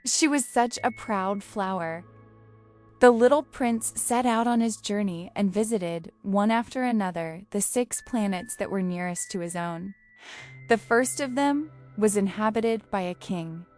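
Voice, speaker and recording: Calm woman reading a storybook aloud. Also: mid-range voice. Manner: calm, measured. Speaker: audiobook narrator.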